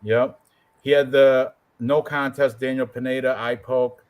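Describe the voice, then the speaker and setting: A man co-hosting a casual show about fight predictions, joking and animated as he talks through his picks. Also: mid-range voice, measured pace, smooth. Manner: joking, animated, puts on quoted voices. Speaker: co-host picking fights. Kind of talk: casual chat.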